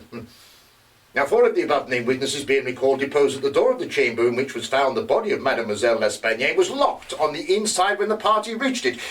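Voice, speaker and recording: An actor playing a male investigator who reports witness testimony in a live stage drama, often pausing with hesitations. He is recorded from a distance. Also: on the high side, a bit bright. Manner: halting, with frequent hesitations. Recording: distant mic.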